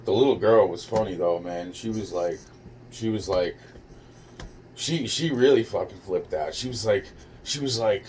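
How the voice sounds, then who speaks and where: A man casually recounting a personal ordeal in a rambling, profane way, with frequent restarts and a calm, low-key delivery. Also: normal speed, slight background noise. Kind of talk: casual spoken recollection.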